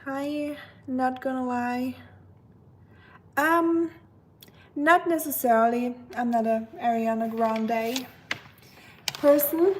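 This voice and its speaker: A German woman with a German accent cooks in her home kitchen while chatting casually with her live-stream audience, rambling on and responding to the chat. Her voice is on the high side and darkish, with slight background noise.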